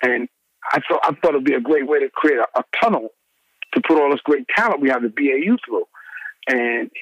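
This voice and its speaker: A middle-aged man, a former radio DJ, telling animated stories in an interview and acting out the people he quotes. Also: brisk, no room sound, highs cut off. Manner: acts out quoted people with big pitch swings.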